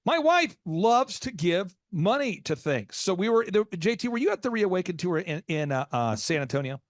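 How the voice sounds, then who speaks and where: An American man hosts a business podcast with a fairly high, animated voice. He tells stories at speed, rises into excited squeaks for his own reactions, and sounds dry and close to the mic. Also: moderate pace, no echo. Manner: lively, jumps into high excited voices when acting out reactions. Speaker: podcast host.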